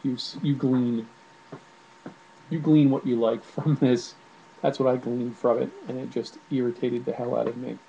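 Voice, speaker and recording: A man's voice: medium pitch, level tone, normal speed, vocal fry, warm tone, highs cut off, slight background noise. A man giving casual spoken commentary to camera at home, irritated and ranting, with many fillers and restarts. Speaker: video blogger.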